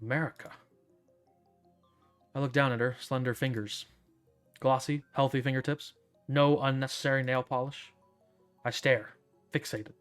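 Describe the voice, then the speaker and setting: A man reads a visual novel aloud in a theatrical, smug first-person style. His voice is mid-pitched and ordinary. Faint music plays behind him. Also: steady tone, moderate pace, pauses often, clear, resonant tone. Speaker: streamer reading a visual novel.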